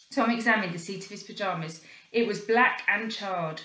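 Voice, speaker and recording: A woman reading a children's storybook aloud in an expressive, animated way, acting out the sound effects. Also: mid-range voice, normal speed, reverberant, low-quality recording.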